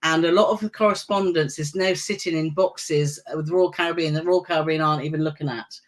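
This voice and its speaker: A woman's voice: low-pitched, fairly even intonation, a little fast. A woman co-hosting a travel live stream, chatty and enthusiastic as she reads out viewer questions. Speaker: travel vlog co-host. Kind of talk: casual live stream chat.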